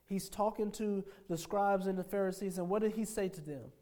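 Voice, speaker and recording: Preaching with emphasis, a male pastor with a high-pitched voice and a slightly quick pace poses rhetorical questions to his congregation. He shifts between hushed phrases and forceful declarations.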